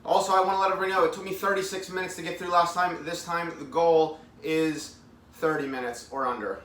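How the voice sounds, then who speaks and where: Casting: upbeat male streamer, thirties, bright forceful voice, a little off-mic in an echoey room. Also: a little high, steady tone, fast, far from the mic. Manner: chatty, upbeat, talks with mouth full, reads comments aloud. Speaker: vlogger hosting a live eating show. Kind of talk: casual live-stream chat.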